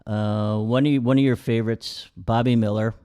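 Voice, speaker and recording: A man's voice: medium pitch, fairly even intonation, normal speed, dark tone, clean tone. A man co-hosting a podcast, running through a sponsor spot in casual chat with hesitant fillers. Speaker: podcast co-host.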